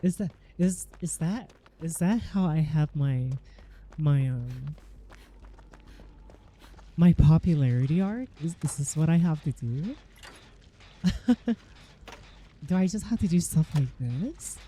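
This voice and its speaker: A woman's voice: deep voice, expressive, takes it slowly, pauses often, mellow. A young woman streaming and chatting casually, reacting with giggly disbelief. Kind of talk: casual chat.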